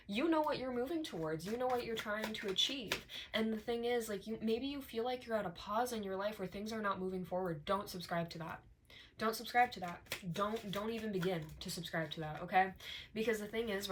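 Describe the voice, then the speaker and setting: Woman, tarot reader, casual reading to viewers, emphatic, repetitive, profane, heavy on fillers, mid pitch. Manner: conversational with many fillers like "like" and "right".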